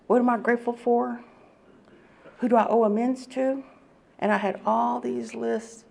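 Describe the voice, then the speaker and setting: A woman giving an animated personal testimony at a recovery meeting, laughing often as she tells it. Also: a little high, measured pace, creaky. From Oklahoma.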